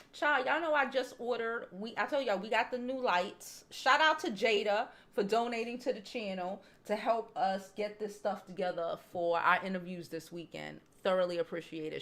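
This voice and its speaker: A woman hosting a loose, profane gossip show from home, talking straight to her viewers. Her voice sits at an everyday middle pitch. She jumps from loud, animated bursts down to low, almost murmured asides. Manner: candid, blunt and profane, calls listeners "child" and "y'all". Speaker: host. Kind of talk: casual gossip chat reading viewer comments. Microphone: home streaming setup, waiting on new mics.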